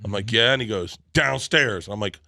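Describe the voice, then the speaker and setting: A middle-aged comedian telling a comic story on a podcast, animated and quick to act out other people. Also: male voice, on the low side, dry recording, clean studio sound. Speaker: comedian guest.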